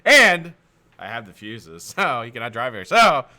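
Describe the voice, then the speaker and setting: Man, middle-aged, live stream host, casual storytelling, swears, laughs, sharp bright tone. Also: medium pitch, measured pace. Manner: animated, profane, laughs often.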